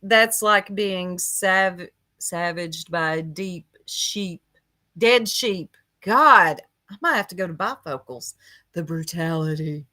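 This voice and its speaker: A woman's voice: on the low side, slow pace, bright, forceful tone. A woman hosting a casual livestream, gossiping with chat and greeting viewers by name, laughing often. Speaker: livestream host.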